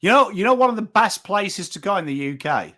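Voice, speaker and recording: A chatty man in his thirties speaks with a northern English accent, his voice sitting a little high with a bright, forward edge. He rambles casually to viewers on a live stream, reading out names from the chat and dropping the odd swear word. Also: expressive, fairly quick. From England. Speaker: watchalong host.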